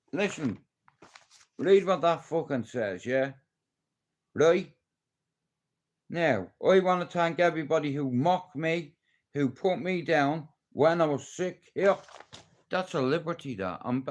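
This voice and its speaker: A man's voice: on the high side, lively intonation, unhurried. An Irish man chatting loosely on a livestream, rambling and swearing a lot in a jokey way. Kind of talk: casual live-stream chat.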